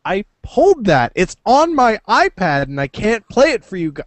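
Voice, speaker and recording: A man hosting a casual podcast over a video call, excitable and swearing freely, now and then slipping into quick impressions. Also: high voice, background noise. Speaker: podcast host. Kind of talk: casual chat. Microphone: computer over a video call.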